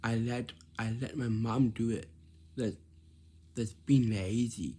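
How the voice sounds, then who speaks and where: A man talking casually to camera with job-hunting advice in simple, plain words, often halting and repeating himself as he lectures. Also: lowish voice, steady tone, mellow, breathy edge. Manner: repetitive, halting, restarts phrases often.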